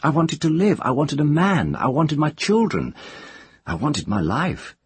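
A man voicing an old, earthy village witch woman who talks in a rustic country dialect with a drawn-out, sing-song lilt. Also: fairly high pitch, sing-song, slightly rough, no echo, pitched above the performer's own voice, heavily acted. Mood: folksy, musing. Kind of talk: audiobook character voice.

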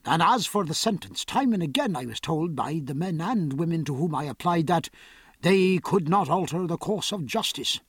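A man's voice: on the high side, animated, husky, no room sound, studio quality. A man voicing a fussing, caring young woman. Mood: downcast. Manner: solicitous and brisk. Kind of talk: audiobook character voice.

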